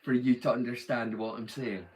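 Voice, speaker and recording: A man's voice: medium pitch, fairly even intonation, moderate pace, a little mellow, low-quality recording. A man with a Scottish accent chatting casually to viewers during a watch-along stream, rambling and explaining with many restarts. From Scotland.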